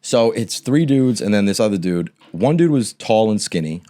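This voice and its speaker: Low-voiced guy telling a rambling story. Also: animated, normal speed, mellow. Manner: rambling storyteller, acts out quotes, swears casually. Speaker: podcast co-host. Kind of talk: casual storytelling chat.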